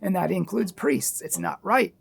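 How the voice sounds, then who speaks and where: A woman's voice: on the low side, animated, moderate pace, creaky, breathy edge. A woman giving earnest, emphatic opinion commentary, full of rhetorical questions.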